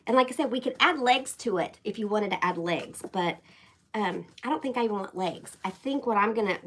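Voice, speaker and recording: A middle-aged woman from Oklahoma with a light Oklahoma twang, chatting folksily with her viewers as she shows a craft project and thinks out loud. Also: mid-range voice, animated, a little fast. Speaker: crafting livestream host. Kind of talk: casual craft tutorial chat.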